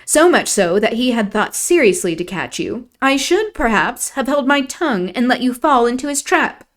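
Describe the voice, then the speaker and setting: A woman's voice: on the high side, big pitch swings, normal speed, pitched above the performer's own voice. A woman doing a scornful, proud young lady. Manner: scornful, emphatic. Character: proud, sharp-tongued young lady of the house.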